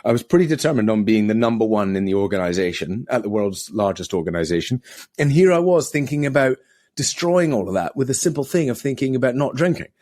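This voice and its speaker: A middle-aged man, a podcast guest, telling his story in a relaxed conversational way and acting out quoted voices. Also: fast, no echo, clean studio sound. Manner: acts out quoted voices with big pitch jumps.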